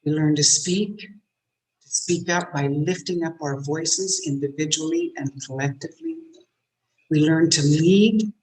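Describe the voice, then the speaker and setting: Expressive woman giving a motivational talk. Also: low-pitched, measured pace, poor audio. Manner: expressive, shifts between soft and forceful; demonstrates tense and relaxed voices. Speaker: guest speaker. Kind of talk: motivational speech. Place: meeting room.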